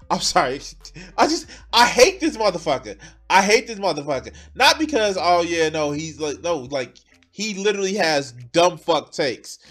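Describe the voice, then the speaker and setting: A male streamer giving live reaction commentary, ranting heatedly and swearing constantly. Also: sits high.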